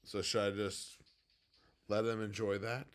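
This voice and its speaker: A man hosting a casual late-night livestream from home, rambling off on tangents and swinging between quiet, low musing and loud, excited bursts. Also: a little slow, clear, resonant tone. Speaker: livestream host and business owner.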